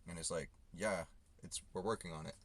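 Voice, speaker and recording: A man's voice: low voice, fairly quick, fairly bright tone. A delivery driver venting in a loose, rambling way full of swearing, recorded on a phone inside his car. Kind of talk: casual ranting vlog.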